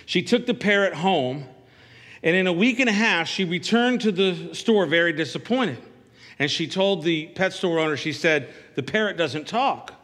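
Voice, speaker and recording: A man's voice: high-pitched, normal speed, a bit bright. Preaching man in a reverberant church. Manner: conversational preaching with call-and-response asides. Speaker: pastor. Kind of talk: sermon.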